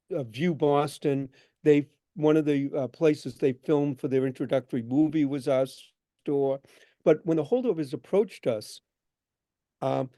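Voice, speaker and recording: A man's voice: mid-range voice, no room sound. A man telling stories of his trade to an audience, acting out the people in them as he goes. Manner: animated anecdotes, acts out dialogue. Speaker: guest speaker, bookshop owner. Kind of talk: storytelling talk. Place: event hall.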